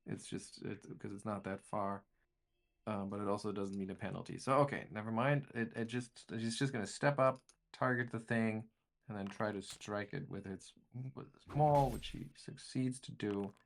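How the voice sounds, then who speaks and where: A man's voice: on the low side, fairly even intonation, normal speed, creaky. A man running a tabletop game as game master, narrating turns and thinking aloud. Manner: thinking aloud, rambling with restarts.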